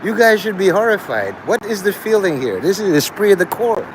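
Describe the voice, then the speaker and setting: A man's voice: sits high, very animated, normal speed, noisy background. A man hosting a livestream, talking to his chat in a crude, rambling way and laughing at his own jokes. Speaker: livestream host.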